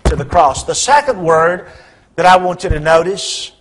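A man preaching a sermon, swinging between hushed, low lines and loud, emphatic questions. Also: expressive, normal speed, slight background noise.

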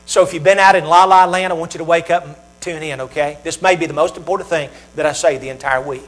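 A man's voice: fairly high pitch, steady tone, quick pace, rough recording. A middle-aged man preaching a sermon, talking straight to his congregation with emphatic, repetitive phrases that swell in volume.

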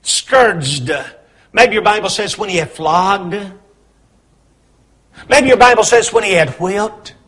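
A man preaching a sermon, swinging between hushed, low lines and loud, emphatic questions. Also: lively intonation, takes it slowly, long pauses, slightly rough.

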